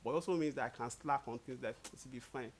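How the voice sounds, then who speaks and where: A young man talking casually with his partner, easygoing and quick to laugh, acting out little quotes as he tells stories. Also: mid-range voice, a little hiss or hum. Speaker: co-host. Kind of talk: casual couple chat.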